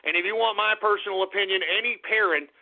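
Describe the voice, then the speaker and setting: A man with a strikingly high, fry-laden voice rants on a talk radio show. His delivery is abrasive and swings up into shouting. The sound is thin and phone-like. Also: quick pace. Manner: abrasive, ranting, bursts into shouting. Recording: narrow phone-like radio audio.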